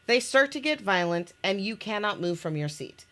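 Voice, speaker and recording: This woman's mid-range voice has a sing-song, slightly bright quality and a moderate pace. As the maker of an interactive story game, she reads its scenes out loud in easygoing chat, with restarts and laughs.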